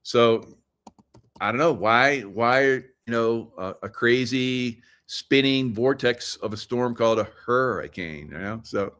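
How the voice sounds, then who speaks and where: A middle-aged man talks loosely to his livestream viewers in a mid-pitched voice. He rambles between points, takes a conspiratorial tone, and breaks into chuckles often. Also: slow pace, fairly bright tone, clear, resonant tone. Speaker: livestream host. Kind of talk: casual live chat to viewers. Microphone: computer mic, screen sharing.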